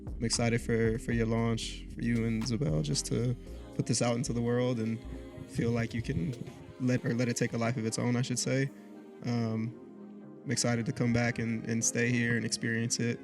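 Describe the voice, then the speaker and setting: A man's voice: medium pitch, flat delivery, moderate pace, creaky, music in the background. A man hosting a podcast interview, casual and full of hype slang as he asks his questions.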